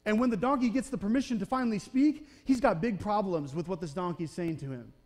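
Man, high-pitched voice, pastor, casual sermon, church sanctuary, chatty check-ins with the congregation. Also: fast talker, a little mellow. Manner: conversational preaching, often checking in with "okay? right?"; acts out the Bible characters' voices in short quotes.

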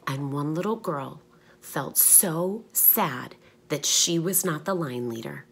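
A woman teaching young children through short stories, asking them questions and pausing for their answers. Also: rumbling low, creaky, slight background noise. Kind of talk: storytelling lesson for young children.

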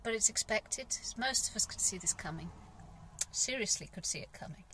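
A woman's voice: mid-range voice, animated, normal speed, background noise. A middle-aged English woman and gardener, talking in a frank, rambling personal vlog with sighs and the odd swear word. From England. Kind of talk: casual personal vlog monologue.

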